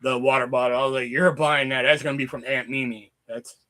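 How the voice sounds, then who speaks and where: A man with a fever chatting casually on a livestream, telling a rambling story full of swearing and loudly acted quotes. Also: medium pitch, flat delivery, fairly quick. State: sick with a fever. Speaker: streamer.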